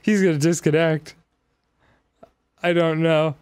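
A man's voice: a little high, steady tone, a little slow, darkish tone, smooth, no echo. A young man giving casual gameplay commentary with dry, amused asides. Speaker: show co-host.

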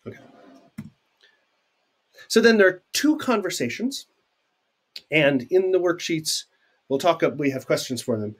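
Male teacher, casual lecture read; husky tone, very animated pitch, conversational with asides. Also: normal speed, long pauses. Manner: chatty, explains with asides and fillers. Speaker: sign language teacher. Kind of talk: recorded video lecture.

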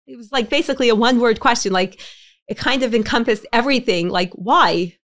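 A woman's voice: a little high, fairly quick, a bit bright, dry recording, studio quality. A woman from Montreal, a guest in an interview, telling a personal story in an earnest way, often repeating words and restarting phrases. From Montreal, Canada. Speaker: interview guest, bereaved mother.

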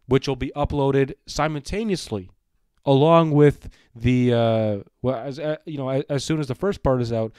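A man's voice: mid-range voice, moderate pace, darkish tone, clear, resonant tone, dry recording, studio quality. A man hosting a wrestling news show on his own, talking in a rambling way, repeating himself and restarting. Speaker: wrestling news channel host. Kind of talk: casual solo commentary.

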